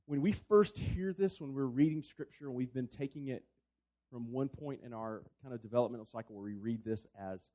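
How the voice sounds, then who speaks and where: A man's voice: mid-range voice, a little fast, mellow. A man who is a pastor, talking through a Bible passage in a reflective, storytelling way during a conversation. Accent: non-local accent.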